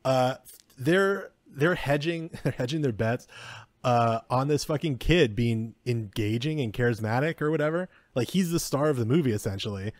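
A man's voice: medium pitch, animated, normal speed, no room sound. Opinionated man swearing in a podcast chat. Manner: opinionated, swears freely, occasional stumbling. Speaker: podcast co-host. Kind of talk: casual film review chat.

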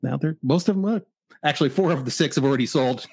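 A Michigan man in his forties who runs a comic shop tells a story casually and animatedly, taking on both sides of the exchange. His voice is fairly high, quick-paced, and carries a breathy edge.

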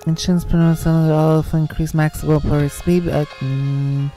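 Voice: mid-range voice, little pitch movement, warm tone, soft background music. A gaming channel host giving live let's-play commentary, thinking aloud and breaking into panicky, swearing outbursts while playing. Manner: thinks aloud, reading game text slowly.

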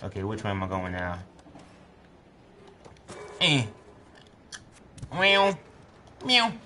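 A man's voice: low voice, unhurried, a little hiss or hum. A man streaming a game, chatting casually and joking, swearing freely and talking to the screen. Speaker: gaming streamer. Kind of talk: casual let's-play commentary. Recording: game music loud behind the voice. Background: game music.

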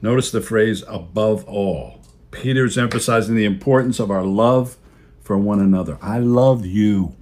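A fairly low-voiced man preaching to his church in a plain, folksy way. He repeats his key phrases for weight and talks like he's chatting with his flock. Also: normal speed, a little mellow. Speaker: pastor. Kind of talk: sermon. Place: church video service.

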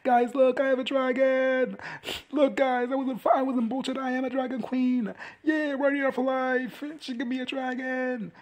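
A reactor doing a squeaky bragging man. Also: little pitch movement, normal speed, a little mellow, close to an everyday voice. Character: boastful man showing off his new dragon.

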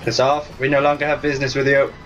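A man giving casual let's-play commentary over a video game, excitable and joking, swearing casually. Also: mid-range voice, quick pace, recorded from a distance, dull audio. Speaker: gameplay commentator. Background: game music.

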